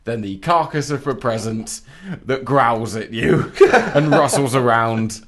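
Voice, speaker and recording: A man's voice: medium pitch, slow, fairly bright tone. A man co-hosting a podcast, telling stories in casual comic chat with dry, mock-grand wit. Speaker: podcast co-host.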